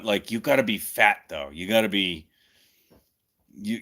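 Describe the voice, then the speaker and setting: A man with a very low voice hosts a relaxed livestream chat, thinking out loud and tossing out jokes. His pitch swings widely as he talks. His tone is bright and forward, even at such a low pitch. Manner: musing, thinking aloud, joking. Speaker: streamer hosting a chat.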